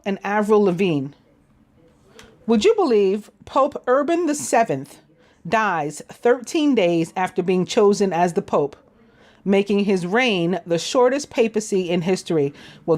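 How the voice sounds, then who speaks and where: A woman's voice: mid-range voice, a little mellow. A woman hosting a spiritual daily reading, chatty and rambling, musing on number meanings between date facts. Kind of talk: casual solo reading of date facts and numerology.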